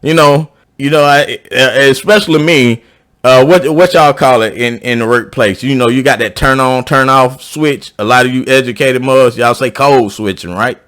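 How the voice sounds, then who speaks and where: A man's voice: normal speed, fairly bright tone. A man with a South Georgia accent, talking casually and at length to his viewers, rambling and restarting his sentences. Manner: rambling, repeats and restarts, pitch rising when emphatic. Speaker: YouTube commentator. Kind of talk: casual opinion monologue.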